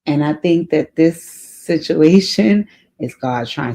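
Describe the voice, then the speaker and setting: On her advice vlog, a woman with a low, dark-toned, expressive voice takes her time as she speaks earnestly to someone who wrote in. She keeps coming back to her key phrases, and her emotions show.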